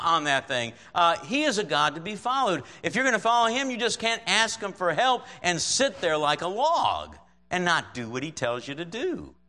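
A man preaching in a relaxed, conversational way, his voice a touch high and bright with a forceful edge. He reads scripture aloud and keeps checking in with his listeners. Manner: conversational, checks in with frequent "right?"; chuckles often while preaching. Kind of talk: sermon with scripture reading.

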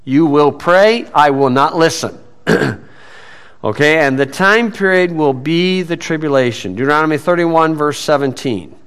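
A man teaching through Bible verses in a conversational way, asking and answering his own questions, often saying "okay" and clearing his throat. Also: a little high, expressive, a little slow, a bit bright.

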